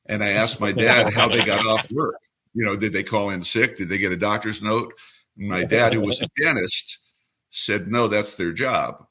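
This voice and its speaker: A man in his seventies from New York City, a veteran baseball radio broadcaster telling stories as an interview guest in a smooth trained announcer delivery. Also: lowish voice, moderate pace. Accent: New York, mostly trained away. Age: 70s. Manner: relaxed anecdotal storyteller with a polished announcer delivery. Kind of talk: storytelling interview answer.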